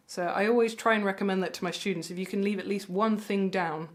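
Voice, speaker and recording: A woman's voice: medium pitch, steady tone, fast. A woman teaching ukulele, talking in a friendly, encouraging way and counting beats aloud as she plays. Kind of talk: music lesson with counting along. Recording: ukulele playing loudly behind. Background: ukulele playing.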